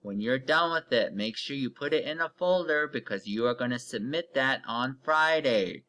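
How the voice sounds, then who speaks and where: A man teaching young children to read in a recorded online lesson, stretching out each word slowly and giving patient step-by-step cues. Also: mid-range voice, animated, sharp tone. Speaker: elementary reading teacher.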